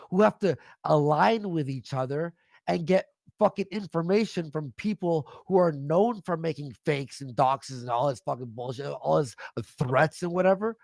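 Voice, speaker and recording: A man's voice: fairly high pitch, gravelly, no room sound, studio quality. A man on a livestream, angrily ranting and hurling profane insults. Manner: angry, profane, shouting insults. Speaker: livestream guest. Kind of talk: heated livestream rant.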